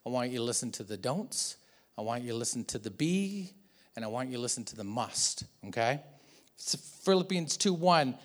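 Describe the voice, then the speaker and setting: A man preaching a church sermon, animated and joking, acting out little asides as he goes. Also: medium pitch, moderate pace. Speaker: pastor.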